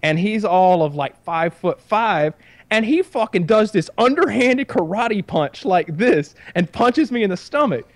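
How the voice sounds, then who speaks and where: A man's voice: high voice, expressive, unhurried, no room sound. A man telling a long story in casual chat, profane and rambling. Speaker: podcast storyteller.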